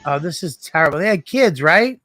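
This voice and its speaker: A man with a fairly high voice co-hosts in loose chat. He is excitable and reacts with disbelief and swearing. The sound is dry and close. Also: fairly quick, dry recording. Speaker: podcast co-host. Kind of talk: casual profane chat.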